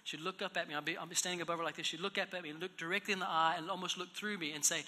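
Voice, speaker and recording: A man preaching in a church, telling a personal story, moving from hushed, low passages to loud, raised exhortation. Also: fast talker. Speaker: pastor. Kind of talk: storytelling sermon. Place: church hall. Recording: echoey hall reverb.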